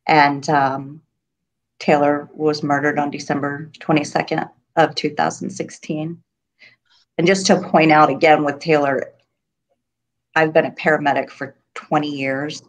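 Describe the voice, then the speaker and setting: Grieving mother, middle-aged, low voice, halting and emotional; interview guest on a video call. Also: little pitch movement. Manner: halting, many ums, voice breaking with grief. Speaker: guest, mother of a murder victim.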